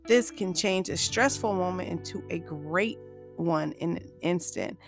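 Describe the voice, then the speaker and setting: A woman's voice: fairly low pitch, unhurried, vocal fry, faint music behind. A woman hosting a solo motivational podcast, chatty and upbeat, often laughing as she talks to her listeners as "you guys". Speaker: podcast host.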